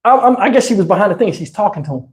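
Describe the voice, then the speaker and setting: A man telling a story on a live stream, animated and profane with laughing asides. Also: high-pitched, very fast. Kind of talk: casual storytelling. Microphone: wireless lapel mic.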